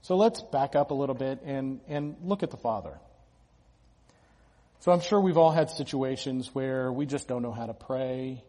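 A pastor delivering a conversational sermon, talking casually with restarts and the odd small laugh. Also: male voice, mid-range voice, moderate pace, mellow, big-room sound.

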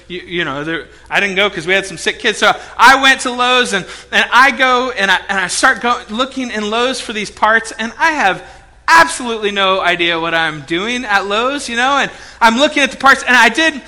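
A pastor stands before his congregation and tells a story in lively sermon fashion, acting out every quote. His voice sits high for a man and sounds very bright and sharp. He drops to near hushed tones, then bursts out loud again. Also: fairly quick. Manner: animated storytelling, acts out quotes, swings loud and soft. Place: church hall before a congregation.

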